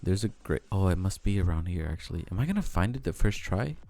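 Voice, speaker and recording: A young man with a deep, low voice and a Mexican American accent talks loosely to his audience. He rambles and cuts off his own sentences, dropping casual swears, with faint music playing underneath. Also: animated, fast talker, dark tone. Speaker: vlogger.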